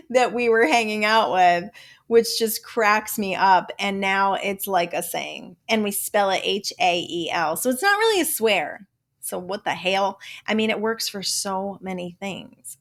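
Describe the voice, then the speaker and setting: With a mid-range voice, the older podcast host of this motivational self-help talk show is emphatic and blunt. Casual swearing peppers her talk, and every so often she drops into a mock Southern drawl as a joke.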